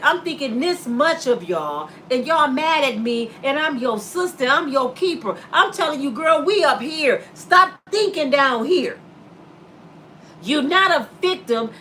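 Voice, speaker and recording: A woman's voice: high-pitched, bright, forceful tone, slight background noise. A woman in her fifties who hosts her own vlog and delivers a sassy, preachy comedic rant straight at her viewers. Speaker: vlogger host.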